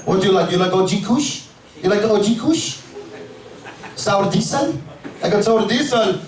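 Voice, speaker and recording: A man voicing an overly friendly Armenian shop owner with an Armenian accent, heaping on flattery. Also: high-pitched, normal speed. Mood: effusive. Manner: effusive, flattering. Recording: echoey club from far off, crowd.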